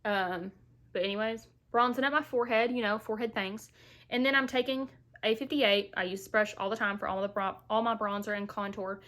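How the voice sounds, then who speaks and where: At home, a young woman beauty vlogger chats casually through a makeup tutorial, playful and full of asides, using a Southern-style "y'all." She's a little short of breath while recovering from illness, and her voice is medium-pitched, steady, brisk, and a bit bright.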